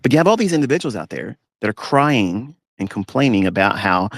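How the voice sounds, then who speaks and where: In a gravelly, low-side voice that's sing-song and a little fast with hardly any pauses, a man talks as a trading mentor from a parked pickup truck. This live audio talk is dry and clean, studio-grade. He's blunt and ranting, mocking rivals with put-on whiny voices.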